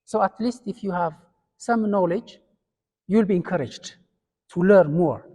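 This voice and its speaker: A man's voice: high voice, measured pace, mellow. A man from Ethiopia with an Ethiopian accent, giving a classroom lecture step by step with fillers and restarts. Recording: long hall reverb.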